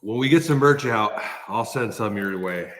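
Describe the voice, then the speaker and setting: A man's voice: fairly low pitch, animated, normal speed, a bit bright, slight background noise. A Midwestern American man hosting a casual livestream, sighing and coughing through spicy jerky while thanking viewers. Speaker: livestream host. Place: large new shop building. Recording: echoey reverberant shop room.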